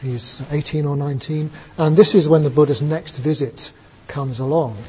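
A man giving a relaxed storytelling talk as a Buddhist teacher, with many fillers and chuckles. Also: a little high, normal speed, slightly rough. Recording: dull lo-fi recording, long reverb.

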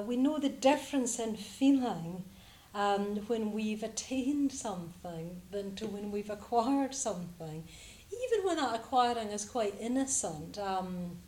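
A woman's voice: mid-range voice, warm tone, reverberant. A woman from Scotland giving a reflective Buddhist talk to a group, hesitant and full of fillers.

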